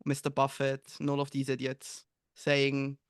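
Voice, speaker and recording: A man's voice: medium pitch, completely flat delivery, measured pace, clean tone, no room sound, clean studio sound. A man hosting a podcast, asking questions in a reflective, conversational way. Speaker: podcast host. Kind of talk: casual interview chat.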